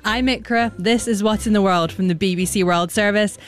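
A woman's voice: medium pitch, a little fast. A woman hosting a news podcast in a chatty, upbeat presenting manner, on a studio mic. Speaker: podcast host.

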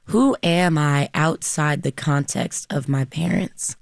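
A woman's voice: deep voice, takes it slowly, gravelly, no room sound, clean studio sound. A young actress speaking animatedly and sassily about her character and the show. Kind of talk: interview.

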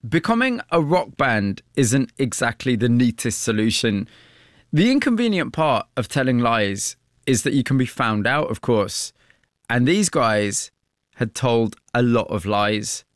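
A man interviewing a guest and narrating the story between questions, probing and measured. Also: mid-range voice, big pitch swings, no echo, studio quality.

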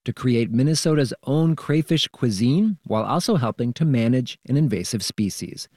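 A man, a radio reporter, narrating a scripted news feature in a calm, measured way. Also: medium pitch, dry recording, studio quality.

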